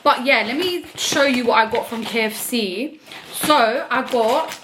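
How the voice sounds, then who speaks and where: A young woman in a casual vlog, chatting as she shows off her food and answers viewer questions, with a relaxed manner and frequent "like". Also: a little high, moderate pace, noisy background. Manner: chatty, relaxed, filler "like" often. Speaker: vlogger. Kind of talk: casual mukbang chat.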